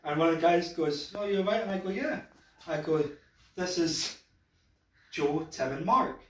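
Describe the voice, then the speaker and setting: Rambling stand-up comic in an echoey pub. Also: male voice, fairly high pitch, fairly even intonation, unhurried. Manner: rambling, self-deprecating storytelling with frequent "I was like". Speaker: stand-up comedian. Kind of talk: stand-up storytelling. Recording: echoey pub room, mic heard from a distance.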